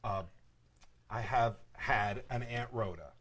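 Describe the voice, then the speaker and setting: A middle-aged man telling family stories in a casual chat, animated, jumping into voices for other people. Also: medium pitch, takes it slowly. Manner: animated, jumps into voices for characters. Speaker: storyteller in a family conversation. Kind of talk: casual storytelling.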